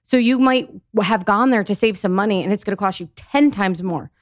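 Emphatic woman guest explaining clearly. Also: medium pitch, fairly quick, dry recording, clean studio sound. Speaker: physical therapist guest. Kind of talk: podcast interview.

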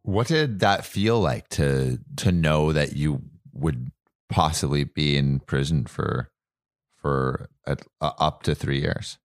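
Deep-voiced male documentary narrator. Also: slow pace, no echo, clean studio sound. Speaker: interviewer and narrator. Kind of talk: documentary narration and interview questions.

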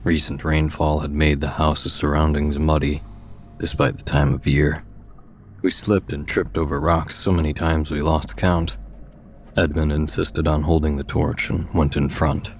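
A man narrating a first-person story in a measured, steady storytelling manner. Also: rumbling low, a little hiss or hum.

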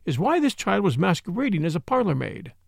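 A man voicing a brisk, kindly middle-aged spinster who is soothing, bossy and inquisitive. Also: high-pitched, very animated, creaky, no echo, clean studio sound, full character voice.

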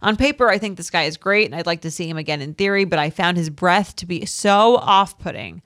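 A woman's voice: on the low side, brisk, fairly bright tone, no echo, clean studio sound. A woman co-hosting a casual dating podcast, chatting and reading out listener emails. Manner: chatty, laughs easily. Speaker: podcast co-host.

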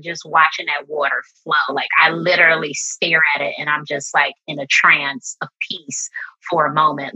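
A woman's voice: sits low, pushed and bright, husky, lo-fi sound. A middle-aged woman speaking as a podcast guest in an earnest, open, conversational way, with frequent "like" fillers. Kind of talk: reflective casual conversation.

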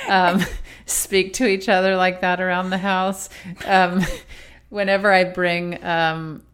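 A woman's voice: fairly low pitch, a bit bright, clean tone. A middle-aged woman co-hosting a podcast in casual chat, playful and prone to joking voices. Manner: playful, slips into mock old-fashioned voices. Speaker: podcast co-host.

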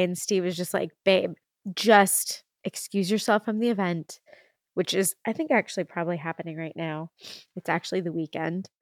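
A woman's voice: mid-range voice, no echo. Woman in her thirties, solo podcast host, emotional and rambling, casual swearing, dry close sound. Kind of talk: candid solo podcast talk.

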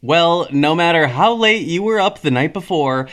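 A man hosting a podcast with casual gossip chat and ad reads, talking in an animated, giggly, theatrical way. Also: fairly high pitch, moderate pace. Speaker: podcast host.

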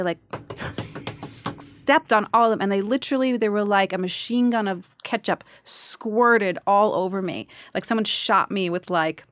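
Animated New actress guest. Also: female voice, on the low side, no room sound. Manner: animated storyteller, acts out quotes. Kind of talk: casual interview chat.

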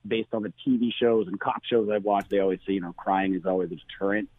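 A bar owner talking casually on the phone, full of fillers and restarts. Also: male voice, on the low side, fast, husky. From Canada. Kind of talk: phone interview. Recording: tinny phone line.

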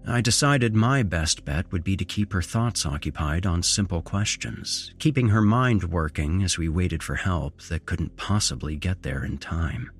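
A man narrating a first-person horror story as a podcast host, with measured pacing and dramatic shifts in intonation. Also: sits low, animated, faint music behind.

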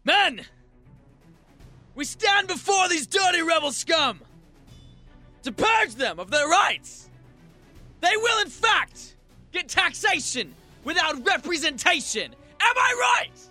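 A man playing a blustering British army captain in improvised comedic role-play, shouting a bombastic rallying speech that wavers into self-doubt. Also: high voice, wildly swooping pitch, slow, long pauses, breathy edge, soft background music, heavily acted.

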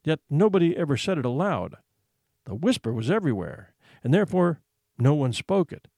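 Male audiobook narrator, fairly high, very animated delivery, close dry sound. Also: no room sound. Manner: expressive, measured storytelling.

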